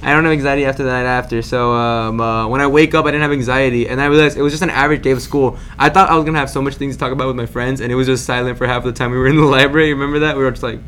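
A man's voice: mid-range voice, fairly even intonation, rapid-fire, hardly any pauses, a bit bright, a little hiss or hum. A teenage boy hosting a casual podcast with friends, joking, laughing often and cutting in on the others, talking into a shared handheld mic. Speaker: podcast host.

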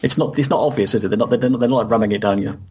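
A man's voice: mid-range voice, racing, darkish tone, faint music behind. A man co-hosting a casual podcast discussion, explaining and informing. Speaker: podcast co-host.

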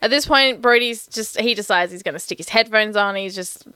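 Woman, casual film chat, co-host, swearing, laughing, smooth voice. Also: medium pitch, fairly quick, sharp tone, no room sound. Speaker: podcast co-host.

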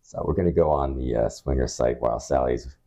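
Podcast co-host: a man with a low, mellow voice, rambling and laughing as he chats. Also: fairly quick, vocal fry. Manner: rambling, laughing, acts out quotes. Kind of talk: casual chat. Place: rented holiday home.

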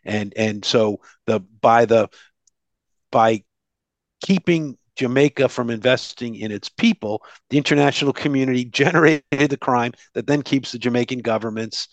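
A man's voice: medium pitch, normal speed, no room sound. A man speaking as a human rights advocate in an interview, explaining earnestly and briefly acting out what others said. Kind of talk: casual interview conversation.

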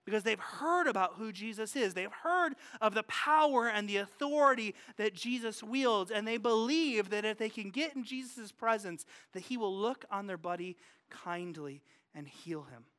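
A pastor preaching a sermon to a congregation, conversational and animated, jumping from loud outbursts to hushed asides and questions to the listeners. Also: medium pitch, normal speed. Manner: asks the congregation questions and jokes about family life. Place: church, speaking to a congregation.

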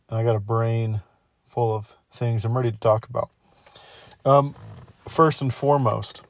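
A man's voice: mid-range voice, no echo, studio quality. Sick, sarcastic man rambling on a podcast. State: sick, inflamed throat. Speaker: podcast host. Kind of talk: casual late-night podcast monologue.

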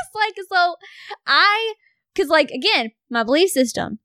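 A woman in casual conversation, telling a story with lots of swearing and lively retellings. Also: extremely high pitch, normal speed, dry recording, clean studio sound. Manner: swears a lot, animated storytelling.

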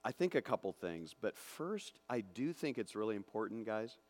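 A male pastor preaching a sermon, swinging from hushed, slow passages to loud, excited ones. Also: fairly low pitch. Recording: long hall reverb.

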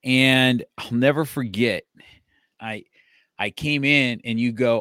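A man's voice: mid-range voice, slow, bright, forceful tone, dry recording, studio quality. A man in his fifties, a martial arts instructor, telling stories in casual conversation, rambling and repeating his words. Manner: rambling, restarts and repeats words, chuckles often.

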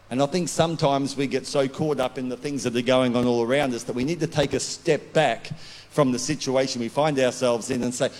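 A man preaching a sermon as a pastor, loud and declaring, swinging from calm talk to shouting. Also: on the high side, normal speed. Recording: long hall reverb.

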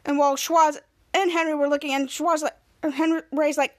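A woman's voice: sits high, little pitch movement, a little fast. A woman podcast host casually recapping an episode scene by scene, with lots of "cut to" and "he's like.". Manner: rambling scene-by-scene retelling full of "cut to" and "he's like".

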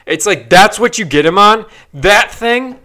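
A young man with a high-pitched, sharp voice and lively intonation rants unhurriedly on his solo podcast. Frustrated and profane, he swears often and stumbles through fillers and restarts.

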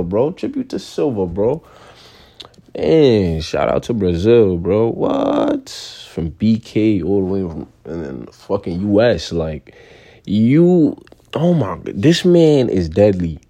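A young man from New rants in a loose, slang-heavy way. His voice is dark and mellow but swings wildly in pitch, jumping into squeaky outbursts. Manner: animated, slangy, sudden high-pitched outbursts. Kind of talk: casual rant to camera.

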